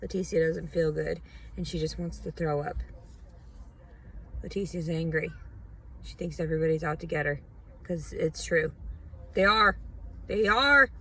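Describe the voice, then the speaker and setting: Woman, confessional video diary, low-pitched voice, raw distressed venting, repeats herself, murmurs then bursts out. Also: slight background noise, low-quality recording. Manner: swings between low murmur, whispers and sharp outbursts. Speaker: vlogger.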